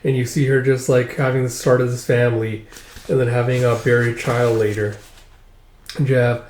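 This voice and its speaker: A man's voice: medium pitch, flat delivery, moderate pace, darkish tone. A man recapping a manga in a loose, chatty way, full of fillers. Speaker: manga reader and reviewer. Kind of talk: casual reading narration. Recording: roomy echo.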